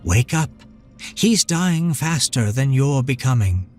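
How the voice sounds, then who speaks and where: A man's voice: medium pitch, big pitch swings, slow, a little mellow, soft background music, voice pushed up. A man voicing an ancient, dying goddess who speaks in solemn riddles. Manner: solemn, cryptic.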